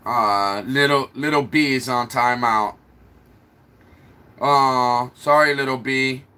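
A man's voice: medium pitch, slow pace, sharp tone, clean tone. A man hosting a livestream, scolding his viewers in a repetitive, mock-patient way. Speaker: livestream host. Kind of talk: casual livestream rant.

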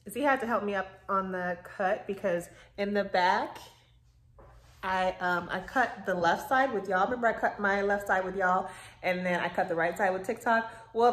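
A woman's voice: medium pitch, a bit bright. A woman chatting casually to her viewers while doing her hair at home. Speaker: vlogger. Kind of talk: casual vlog chat. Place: at home indoors. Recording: echoey room, faint background noise.

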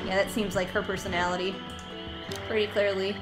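A woman's voice: medium pitch, little pitch movement, a little fast, rough recording. A woman hosting a let's-play, making crude, self-mocking jokes as she reads a game aloud. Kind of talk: casual game commentary, reading dialogue aloud. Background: game music.

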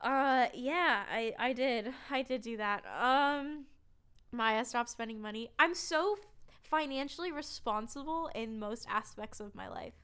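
Woman streamer, casual chat, rambling, swears a lot, smooth bright voice. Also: on the high side, expressive, a little slow.

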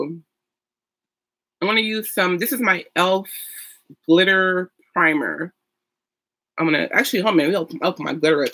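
Young female beauty vlogger, bright tone, chatty and effusive; casual get-ready-with-me talk. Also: fairly low pitch. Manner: chatty and gushing, with fillers and sung sounds.

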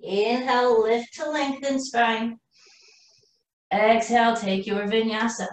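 A woman teaching a live yoga class, cueing poses calmly while doing the flow herself and running out of breath. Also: fairly high pitch, slow. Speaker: yoga instructor. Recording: roomy echo from far off the mic.

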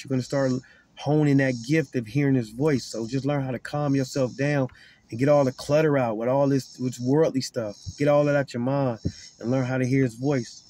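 A man's voice: medium pitch, mellow. A man giving an informal Bible teaching, earnest and repetitive, often stumbling over and repeating his words. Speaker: online preacher.

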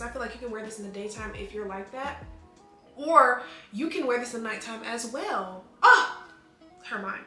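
Bubbly, bright-voiced young woman vlogger. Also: a little high. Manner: bubbly, excitable, chatty with fillers. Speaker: beauty vlogger. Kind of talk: casual perfume review. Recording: echoey room with faint music.

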